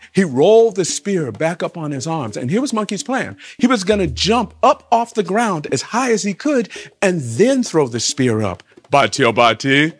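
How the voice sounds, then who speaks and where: Lively, swooping male storyteller. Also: breathy edge. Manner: rhythmic refrains, sweeping pitch and volume shifts. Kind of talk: animated folktale telling.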